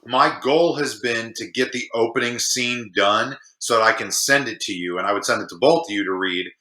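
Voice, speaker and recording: A man's voice: mid-range voice, fairly quick, pushed and bright. A man from Chicago with a Chicago accent, a screenwriter chatting as a podcast guest in a self-deprecating way. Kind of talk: casual podcast chat. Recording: echoey room.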